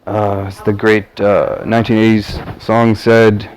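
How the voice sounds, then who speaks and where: A man's voice: fairly low pitch, little pitch movement, unhurried, slight background noise, rough recording. A man from the American South talking to camera in a rambling, casual monologue full of fillers and restarts. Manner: meandering, many fillers and restarts. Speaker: vlogger.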